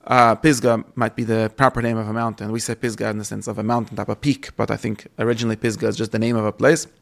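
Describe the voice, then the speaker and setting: Gravelly man teaching scripture. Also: fairly low pitch, little pitch movement, quick pace. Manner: reads Hebrew verses aloud and translates them, with fillers and restarts. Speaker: Bible teacher. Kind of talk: explanatory lesson on scripture.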